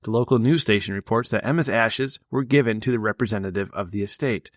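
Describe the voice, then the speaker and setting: A man's voice: fairly low pitch, fast talker, dry recording, studio quality. A man hosting a podcast, reading news stories aloud and cutting in with blunt, profane asides. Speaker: podcast host.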